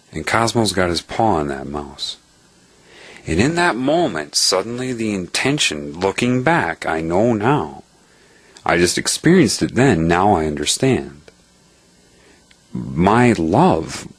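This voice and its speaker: A man earnestly telling a personal story in a reflective, spiritual way, pausing to stress key words. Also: low voice, slightly rough, dry recording.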